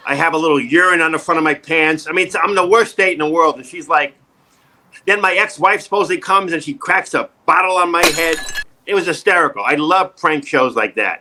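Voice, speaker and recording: Guy in his sixties telling showbiz stories, kinda high bright voice, acts out what people said. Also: slight background noise, rough recording. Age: 60s. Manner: animated, acts out quoted voices loudly. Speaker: actor guest. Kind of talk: casual interview storytelling.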